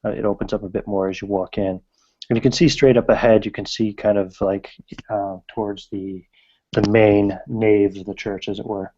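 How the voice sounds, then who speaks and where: Male game master, low and mellow, hesitant, lots of fillers, lo-fi sound. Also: little pitch movement, moderate pace. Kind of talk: narrating a tabletop game.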